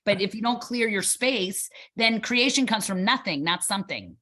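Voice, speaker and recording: A woman guest in a casual interview, talking fast and acting out bits of dialogue as she tells her stories. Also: mid-range voice. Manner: animated storyteller acting out dialogue. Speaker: boxing gym owner, guest.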